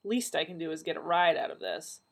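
A feisty, blunt woman who teases and exclaims, as a female reader puts her on. Her voice jumps up in pitch and volume with a husky edge, storybook style. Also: big pitch swings, a little fast, full character voice.

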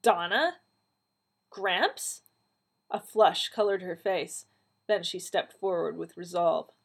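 A woman's voice: unhurried, gravelly. Woman narrating a story aloud. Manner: lively, acts out dialogue with raised pitch. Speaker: reader of fan fiction. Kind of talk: storybook narration with character voices.

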